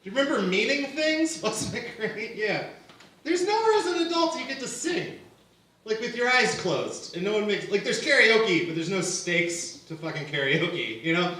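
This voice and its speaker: A man's voice: high-pitched, very animated, moderate pace, bright, forceful tone, heavy reverb, distant mic. A young man performing a stand-up comedy set, conversational and self-mocking, filler words all through. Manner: conversational, self-mocking, lots of "like" and "you know". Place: small comedy venue with live audience.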